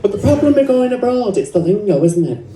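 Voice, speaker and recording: A woman's voice: mid-range voice, very animated, brisk, dark tone, voice pushed up, natural voice. A woman with an English accent performing live stand-up as a brassy, cheeky female nurse character, teasing the audience with bawdy jokes. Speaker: stand-up comedian. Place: comedy club stage. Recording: roomy live venue from far off, crowd laughter.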